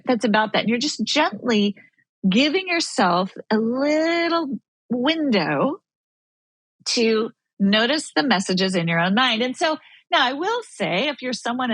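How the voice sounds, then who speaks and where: A woman's voice: on the high side, a bit bright, no echo, poor audio. A woman speaking as a guest expert on a podcast, earnest and coaching, acting out inner dialogue as she explains. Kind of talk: podcast conversation.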